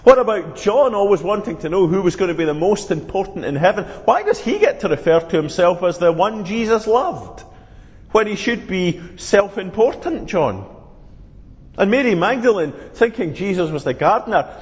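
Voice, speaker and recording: A man's voice: sits high, big pitch swings, voice pushed up. Man doing Thomas, an indignant, pleading apostle. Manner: indignant, pleading, quick protests. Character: aggrieved, self-justifying apostle Thomas, adult man. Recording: dull, reverberant hall sound.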